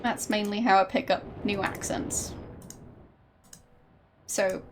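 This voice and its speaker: A woman's voice: medium pitch, steady tone, slow pace, background noise. A young woman streamer with a faint Austrian German accent blended with British tones, chatting casually and hesitantly while gaming. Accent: slight Austrian German, mixed with British. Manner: hesitant, thinking aloud, laughs often.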